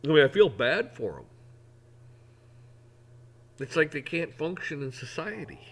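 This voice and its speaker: A man's voice: a little high, sing-song, a little slow, breathy edge. Folksy middle-aged man rambling. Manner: rambling, folksy, with frequent restarts. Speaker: vlogger. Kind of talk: casual opinion monologue.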